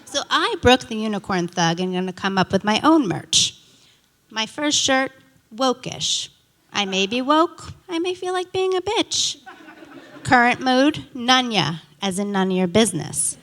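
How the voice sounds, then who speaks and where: A woman's voice: a little high, a little slow. Middle-aged woman doing stand-up in a hall. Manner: animated storytelling, voices indignant quoted dialogue. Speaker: stand-up comedian. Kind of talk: stand-up comedy set. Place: theater stage. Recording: reverberant theater hall.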